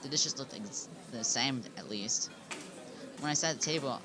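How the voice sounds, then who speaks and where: A man's voice: medium pitch, moderate pace, background noise. A man reading a visual novel aloud in first person, casually, with chuckles and restarts. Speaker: game narrator. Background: background music.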